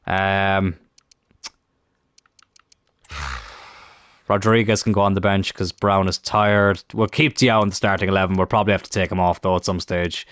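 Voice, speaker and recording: A man's voice: low voice, level tone, normal speed, pauses often, fairly bright tone, smooth, no room sound, clean studio sound. A man casually commenting on a football management game, often grumbling and swearing at it. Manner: frustrated, muttering, swears at the game. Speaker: gaming YouTuber.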